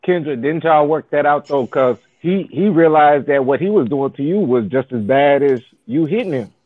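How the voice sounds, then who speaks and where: A man with a fairly high voice chatting in a friendly, conversational way on a live panel. His audio is dull and lo-fi, with the top end muffled. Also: lively intonation, moderate pace, dry recording. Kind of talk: casual live panel chat.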